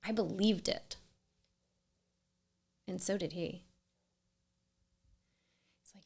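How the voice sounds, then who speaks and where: A woman in her thirties telling her own story in scripted narration, earnest and emphatic, sometimes dropping to a soft whisper. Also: lowish voice, extremely slow, vocal fry, pauses often, breathy edge. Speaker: storyteller sharing a personal experience.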